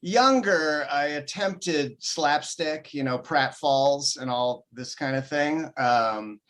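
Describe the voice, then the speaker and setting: Slow, halting man on a video call. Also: a little high, a bit bright. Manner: halting, many ums and uhs. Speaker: guest comedian. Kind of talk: casual interview chat.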